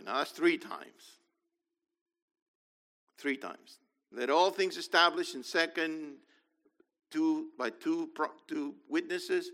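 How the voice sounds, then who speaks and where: A man's voice: fairly high pitch, slow, long pauses, a bit bright, big-room sound. A man teaching a sermon, emphatic, often repeating points and asking the listeners "okay?".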